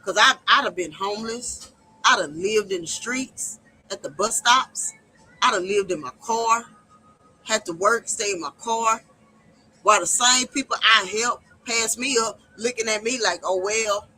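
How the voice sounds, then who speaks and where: A woman's voice: a little high, unhurried, sharp tone, breathy edge, low-quality recording. A woman hosting a livestream, giving impassioned, preacherly personal testimony about hard times and faith. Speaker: livestream host.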